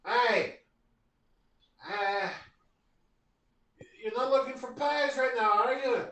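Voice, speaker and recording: A woman's voice: on the high side, takes it slowly, a bit bright, pitched above the performer's own voice. A man putting on a frantic halfling baker lady with a wobbly Scottish accent. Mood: eager. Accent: put-on Scottish slipping to Eastern European. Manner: broken English, flustered and pushy. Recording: roomy, distant mic.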